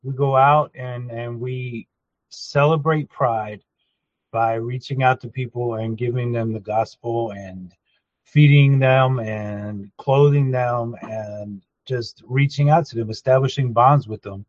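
A man's voice: medium pitch, steady tone, takes it slowly, no echo, highs cut off. A man who is a regular on a talk show, explaining earnestly in casual chat.

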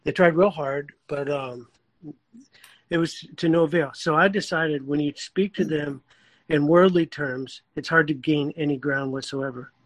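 A male coach joins as a guest in a casual chat. His fairly high voice sounds dry and close, and he speaks earnestly, often echoing agreement. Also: fairly even intonation, a little slow.

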